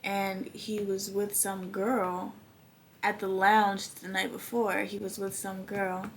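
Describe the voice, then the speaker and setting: A young woman, hosting a podcast and telling a story in animated, profane casual chat. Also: mid-range voice, slow pace, slight background noise. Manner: animated, swears freely, acts out quoted dialogue. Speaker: podcast host.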